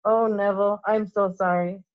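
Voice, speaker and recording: A woman's voice: mid-range voice, flat delivery, normal speed, close to an everyday voice. Storybook reading: woman doing an earnest young witch, sorry but firm, muffled lo-fi sound. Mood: anxious. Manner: earnest, apologetic. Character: anxious, earnest schoolgirl witch, apologetic.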